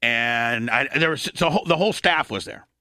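A middle-aged man from Indiana hosting a radio talk show, telling a long story, swearing freely and clearing his throat often. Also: medium pitch, brisk, pushed and bright, no echo, studio quality.

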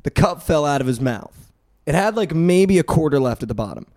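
A young man on a podcast telling a wild night-out story with loose, animated energy. He leans on "like" and "dude" constantly and acts out the other people's lines. His voice sits a little high. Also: a little fast. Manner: animated, heavy use of "like" and "dude", acts out quotes. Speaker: podcast co-host. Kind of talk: casual storytelling chat.

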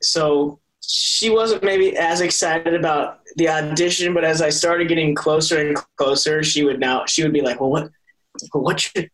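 Rambling young man, higher voice. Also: moderate pace, few pauses, a bit bright, rough recording. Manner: rambling, self-correcting, laughs often. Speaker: soap opera actor, guest. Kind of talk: casual interview chat.

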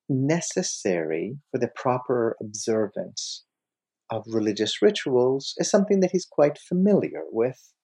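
A middle-aged man speaks slowly and reflectively, as if teaching around a fire. His pitch moves a lot, and his voice is dark and gravelly. He tells stories and acts out the lines of the people in them. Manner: slow, storytelling, voices quotes with rising pitch. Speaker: host, scholar of Sufism.

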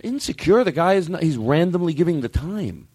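A man hosting a comedy podcast, giggly and excitable, bantering loosely and swinging between loud outbursts and quiet asides. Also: fairly high pitch, a little fast, breathy edge, no room sound.

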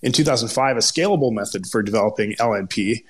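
Man, Minnesota accent, lowish voice, halting expert panel guest with frequent restarts. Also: slightly rough. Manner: halting, many restarts and jargon. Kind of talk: ad-libbed panel talk.

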